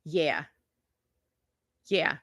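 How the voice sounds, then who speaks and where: A woman's voice: sits low, big pitch swings, extremely slow, vocal fry, a bit bright, no room sound. A woman in her fifties hosting a casual live-stream chat, telling stories in a confiding, chatty way and laughing often. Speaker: YouTube channel host.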